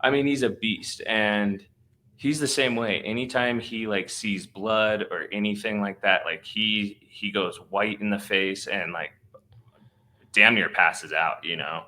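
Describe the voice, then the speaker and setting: A man's voice: fairly low pitch, steady tone, a little slow, pushed and bright. A man hosting a podcast, telling a long story in a slangy, laid-back way with lots of fillers. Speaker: podcast host. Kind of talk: casual storytelling.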